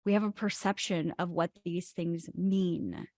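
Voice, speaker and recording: A woman's voice: fairly low pitch, steady tone, measured pace, dark tone, no room sound, clean studio sound. A woman co-hosting a spiritual talk show, stressing key words as she explains ideas. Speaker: podcast co-host.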